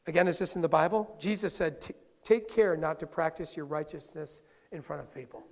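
High, gravelly-voiced male pastor preaching. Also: steady tone, a little fast. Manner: conversational, playful asides to the congregation. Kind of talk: sermon. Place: church sanctuary. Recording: long hall reverb.

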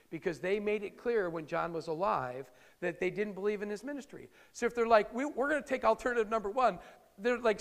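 A man's voice: high-pitched, vocal fry, long reverb tail. A man preaching a sermon in a conversational, emphatic way, acting out the quotes he reads. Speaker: pastor.

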